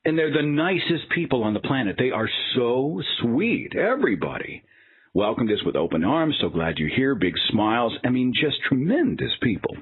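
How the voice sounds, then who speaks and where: A male podcast host telling casual stories in an animated, exasperated way. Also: mid-range voice, normal speed, slightly rough, narrow, tinny audio. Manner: animated, exasperated anecdotal storytelling. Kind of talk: casual storytelling monologue.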